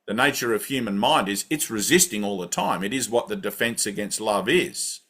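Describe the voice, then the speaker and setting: A man's voice: on the low side, expressive, moderate pace, fairly bright tone, husky. A man giving a conversational spiritual talk and guiding a breathing practice, often checking in with "right?". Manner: conversational, keeps asking "right?". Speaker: spiritual teacher. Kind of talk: satsang talk with guided breathing.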